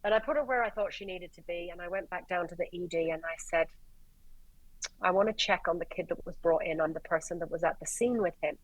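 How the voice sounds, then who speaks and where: An Irish woman, a paramedic guest, telling stories in a lively way, swearing and acting out the dialogue. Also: lowish voice, fast, no echo, low-quality recording. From Ireland. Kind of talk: animated storytelling in conversation.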